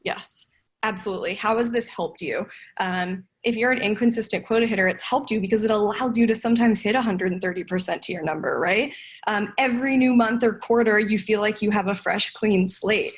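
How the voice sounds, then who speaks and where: A woman's voice: mid-range voice, a little fast. A young adult woman speaking as a podcast guest, explaining her ideas earnestly and thoughtfully, with frequent restarts. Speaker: podcast guest, sales development manager. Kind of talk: casual podcast conversation.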